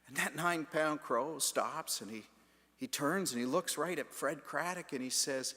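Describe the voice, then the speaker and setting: A man preaching a sermon as the pastor, telling a story in a deliberate, emphatic way in a large stone church. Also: fairly high pitch, pushed and bright. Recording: long church reverb.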